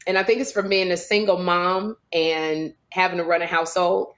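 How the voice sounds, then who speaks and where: A woman co-hosting a podcast who takes charge of the talk, speaking in a lively way and over her partner. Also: on the low side, normal speed. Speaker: podcast co-host. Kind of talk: casual comedic chat.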